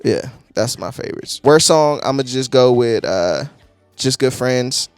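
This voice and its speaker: Excitable slangy young male reviewer. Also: medium pitch, measured pace, smooth, no echo, faint music behind. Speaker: music reviewer. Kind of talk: casual reaction review.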